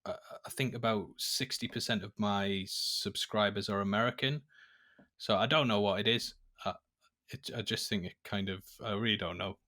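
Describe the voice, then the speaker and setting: A man with a lowish voice answers questions in an easygoing, measured way, pausing on the odd filler. His tone is bright and clear rather than dark. He sounds like a guest on a casual call-in podcast. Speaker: YouTuber guest. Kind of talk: casual interview chat. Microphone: remote call audio.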